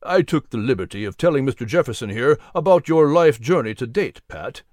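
Man putting on a courtly older gentleman. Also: mid-range voice, expressive, brisk, no echo, clean studio sound, close to an everyday voice. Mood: gracious. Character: older gentleman mentor, gracious and warm. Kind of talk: storybook reading.

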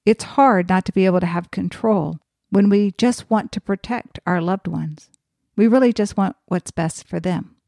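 A woman's voice: medium pitch, moderate pace, gravelly, dark tone, no room sound. Earnest woman podcast host, dry close sound. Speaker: podcast host and geriatric nurse. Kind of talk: storytelling podcast monologue.

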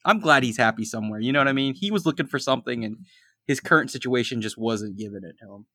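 A man's voice: mid-range voice, fast, breathy edge, no echo. A man co-hosting a casual movie podcast, retelling scenes and acting out lines in playful voices, laughing often. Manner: animated, acts out quotes in funny voices. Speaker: podcast co-host.

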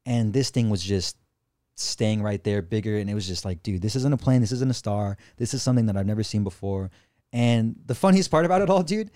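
A man of average pitch tells a story with animated, excitable energy, throwing in slang and curse words. The recording is dry and close, with almost no room sound. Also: no echo. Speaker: podcast guest. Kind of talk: casual storytelling.

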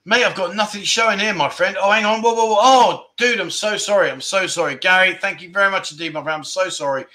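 A man's voice: high-pitched, fast, pushed and bright. A man hosting a casual livestream chat, effusive and chatty as he keeps thanking his viewers. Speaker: livestream host.

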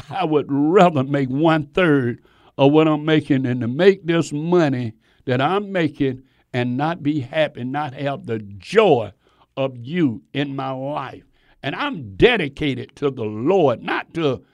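A man's voice: fairly high pitch, no room sound, clean studio sound. A man preaching a sermon in an emphatic, conversational way, asking his listeners rhetorical questions.

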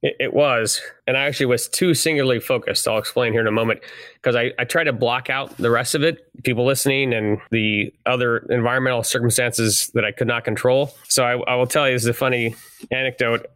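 A man's voice: medium pitch, steady tone, fairly quick, fairly bright tone, no echo. A middle-aged man, a retired negotiator, telling stories as an interview guest and often chuckling as he speaks. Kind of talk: conversational storytelling.

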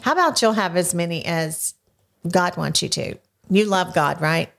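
A woman's voice: fairly low pitch, expressive, normal speed, gravelly, a bit bright. Grandmotherly woman coaxing answers in interview. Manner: coaxing, prompting with leading questions. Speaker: podcast host. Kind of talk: casual family interview. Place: home studio.

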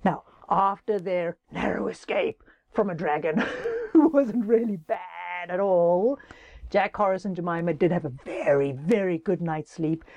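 Playful woman storyteller for kids, bright and animated, dry close sound, slightly high voice. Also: no echo. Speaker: children's storyteller and host. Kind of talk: children's story narration.

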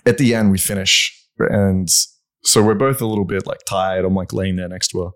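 A young man co-hosting a casual podcast chat, telling stories and acting out the people he quotes. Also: normal speed. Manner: animated storyteller, acts out quoted voices with big pitch jumps. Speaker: podcast co-host.

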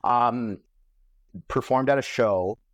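A man's voice: medium pitch, slow, no room sound. Casual, profane man telling stories. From Canada. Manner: profane, rambling, heavy use of "like". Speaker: comedian guest. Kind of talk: casual podcast storytelling.

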